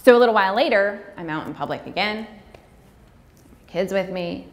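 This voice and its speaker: A woman giving a personal talk, speaking candidly and heartfelt with fillers, sometimes breaking into quick, acted-out dialogue. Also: medium pitch, animated. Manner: acts out dialogue in quick bursts. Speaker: speaker on pregnancy loss.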